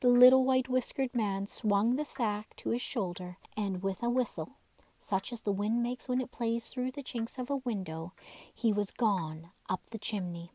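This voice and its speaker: Gentle woman reading a bedtime story. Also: on the high side, normal speed.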